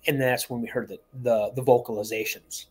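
A man's voice: medium pitch, fairly even intonation, a little fast, slightly rough. A man calling in to a show, telling a long personal story in a rambling way, repeating words and acting out the voices of people he quotes. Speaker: caller.

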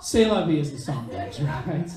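A man's voice: on the high side, big pitch swings, normal speed, over loud music. A man performing stand-up comedy on a club stage, telling a crude story in a brash, punchy way. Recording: echoey club heard from a distance. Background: audience laughter.

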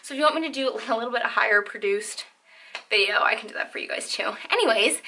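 A woman's voice: a little high, quick pace, pushed and bright. A young woman vlogging casually to camera from a bedroom at home, chatty and reassuring, with frequent "um" and "like". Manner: chatty and reassuring, says "um" and "like" often. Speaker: lifestyle vlogger.

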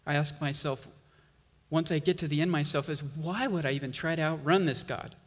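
Guy pastor preaching slow and emphatic, voice a little high, echoing hall. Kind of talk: sermon.

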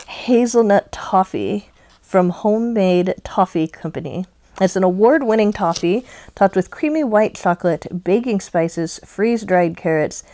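A woman's voice: mid-range voice, mellow. A woman hosting a casual crafting unboxing vlog, talking in a chatty, rambling way with many ums and easy laughs. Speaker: crochet channel host.

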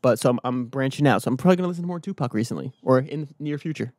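A man hosting his own daily vlog and podcast, talking in an energetic, rambling, motivational way outdoors early in the morning. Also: mid-range voice, rapid-fire, no room sound, clean studio sound. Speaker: vlogger and podcast host. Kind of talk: casual solo vlog talk.

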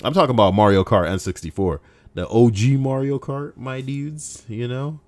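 A man's voice: medium pitch, normal speed, darkish tone, no room sound. A young man casually reading out forum posts, rambling and sarcastic, with frequent swearing. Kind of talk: casual reaction commentary.

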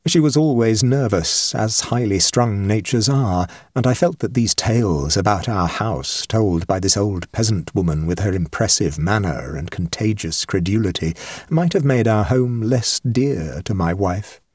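Male audiobook narrator, husky, animated delivery, measured pacing. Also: lowish voice, no echo, clean studio sound. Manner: measured and expressive. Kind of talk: scripted narration of a ghost story.

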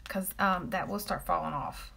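A woman's voice: on the low side, normal speed, gravelly, a bit bright, slight background noise. A woman chatting casually with viewers on a live stream while she applies makeup and talks about the products. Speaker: makeup seller doing a live demo.

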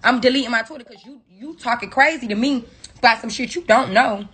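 A woman's voice: on the high side, a little fast, fairly bright tone. A woman on a phone livestream, delivering a profane, confrontational scolding rant at her viewers. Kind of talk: angry rant on a social media livestream.

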